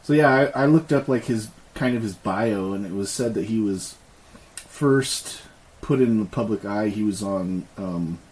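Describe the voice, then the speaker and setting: A man's voice: on the low side, darkish tone, poor audio. A man co-hosting a podcast in casual chat, laughing often and swearing as he riffs. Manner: laughing, profane, quick agreeing replies. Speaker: podcast co-host.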